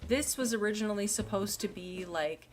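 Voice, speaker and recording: A woman's voice: mid-range voice, moderate pace. A young woman chatting casually while live-streaming a game, sleepy and yawning, rambling and giggly as she talks to her chat. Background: faint background music.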